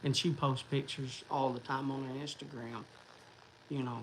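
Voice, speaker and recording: A man's voice: medium pitch, little pitch movement, moderate pace, a little hiss or hum, poor audio. A man hosting a livestream, talking to viewers in a rambling, chatty way. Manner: rambling, chatty, restarts and fillers. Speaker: livestream host. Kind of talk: casual livestream chat.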